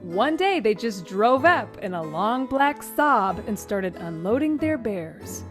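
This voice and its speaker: A woman's voice: fairly high pitch, big pitch swings, takes it slowly, over music. A woman hosting a comedy podcast, teasing and giggly, reading a silly fill-in story. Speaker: podcast host.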